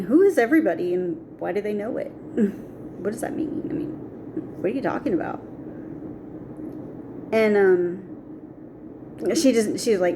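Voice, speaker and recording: A middle-aged woman recounts her own story to the camera, slipping into the voices of the people she quotes. Her voice is mellow and warm. A faint noise runs under the recording. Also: medium pitch, measured pace, pauses often. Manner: animated, acts out quoted voices. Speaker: vlogger. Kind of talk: personal storytelling.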